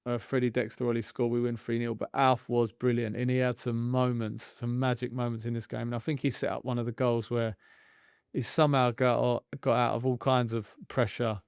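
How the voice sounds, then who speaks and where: A man's voice: medium pitch, flat delivery, a little fast, gravelly, clean tone, no echo, studio quality. A man chatting candidly and self-deprecatingly on a podcast about coaching kids' football. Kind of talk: casual podcast chat.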